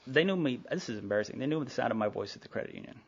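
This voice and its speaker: Gravelly middle-aged man telling his story. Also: mid-range voice, animated, very fast. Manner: candid storytelling with frequent asides and acted-out dialogue. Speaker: recovery meeting speaker. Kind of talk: personal recovery story told to a group. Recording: dull lo-fi tape of a live meeting talk.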